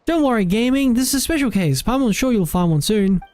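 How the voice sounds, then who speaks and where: A man voicing a tiny, excitable female fairy companion in a high, chirpy voice that refers to itself by name. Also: fairly quick, no room sound. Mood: excited. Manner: chirpy, high-pitched, speaks of herself by name.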